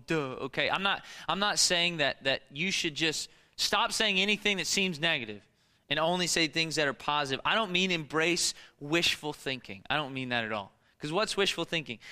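A man's voice: high voice, pushed and bright. A man preaching a sermon to his church, emphatic and full of repeated rhetorical questions. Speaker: pastor.

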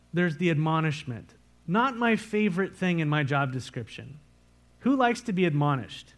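A pastor preaching a sermon, earnest and repeating key words for emphasis. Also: male voice, a little high. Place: church sanctuary.

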